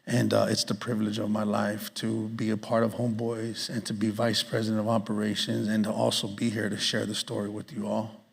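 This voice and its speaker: A man's voice: lowish voice, completely flat delivery, brisk, gravelly, hardly any pauses, noisy background. A man in his thirties giving an earnest personal testimony talk at a festival, telling his story plainly. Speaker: festival speaker. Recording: long hall reverb.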